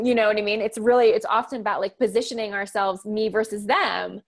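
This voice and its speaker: A woman's voice: mid-range voice, fast, few pauses. A woman in her thirties, a communication coach, talking emphatically and animatedly in an interview. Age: 30s. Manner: emphatic, animated storytelling with acted-out quotes. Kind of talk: interview conversation.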